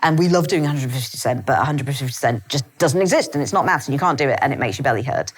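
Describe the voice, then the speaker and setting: A woman in her fifties, a guest author in a live podcast conversation, telling stories quickly and comically, with frequent laughs and self-deprecating asides. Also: extremely low pitch. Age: 50s. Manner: rapid, animated storytelling with frequent laughs.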